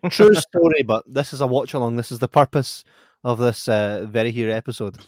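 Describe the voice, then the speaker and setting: A man's voice: mid-range voice, fairly quick, darkish tone, dry recording, clean studio sound. A man hosting a casual watch-along, reading out viewer comments and laughing often. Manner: laid-back, laughs often.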